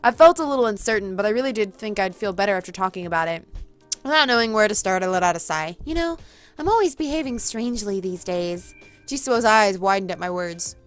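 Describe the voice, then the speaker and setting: A woman reading a visual novel aloud as a let's play host, reacting loudly and laughing along. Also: medium pitch, animated, quick pace, clear, resonant tone, soft background music.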